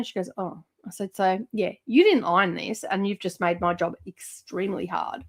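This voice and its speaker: A woman's voice: medium pitch, moderate pace. Chatty woman hosting a livestream. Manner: chatty and rambling, with frequent fillers and laughs. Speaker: livestream host. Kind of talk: casual livestream chat.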